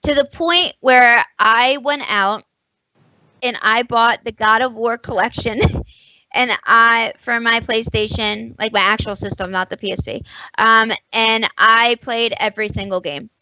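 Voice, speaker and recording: A young woman co-hosting a casual show, telling an animated story and acting out both sides of an old conversation. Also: medium pitch, no room sound, rough recording. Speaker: podcast co-host. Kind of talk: casual chat.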